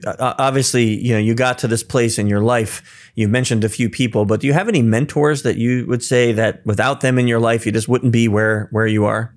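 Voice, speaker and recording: A man hosting a podcast interview, relaxed and affirming, asking casual questions. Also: mid-range voice, a little fast. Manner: relaxed, affirming, laughs easily. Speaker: podcast host.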